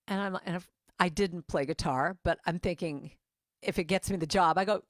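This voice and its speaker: A woman's voice: fairly low pitch, a little fast, no echo. Woman telling a funny story at church, acts out all the voices, dry close sound. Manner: animated storyteller acting out quoted voices. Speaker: guest musician and speaker. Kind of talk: storytelling morning message. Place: church sanctuary.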